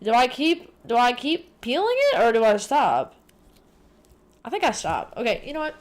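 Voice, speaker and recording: A woman streamer chatting casually to her viewers, rambling, excitable and full of swearing. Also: a little high, normal speed. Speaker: livestreamer. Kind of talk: casual livestream chat.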